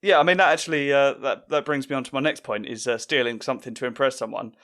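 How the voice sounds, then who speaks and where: A man's voice: medium pitch, fast, a bit bright. A man hosting a casual comedy podcast chat, telling long wry stories. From United Kingdom. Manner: rambling, wry storytelling. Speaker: podcast host.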